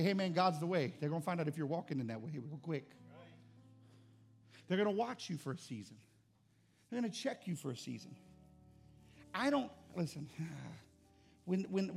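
Gravelly high-voiced man preaching. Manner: earnest storytelling, rising to impassioned intensity. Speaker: pastor. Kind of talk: sermon.

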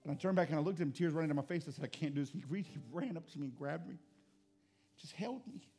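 Man, pastor, sermon, gravelly voice, high pitch, earnest and impassioned. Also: quick pace, mellow, soft background music. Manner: earnest storytelling, rising to impassioned intensity.

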